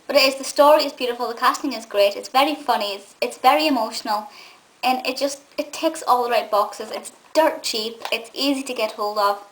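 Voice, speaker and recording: A woman's voice: fairly high pitch, a little fast, fairly bright tone, low-quality recording. A young Scottish woman giving a gushing, chatty film review full of fillers and restarts. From Scotland. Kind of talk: casual film review monologue.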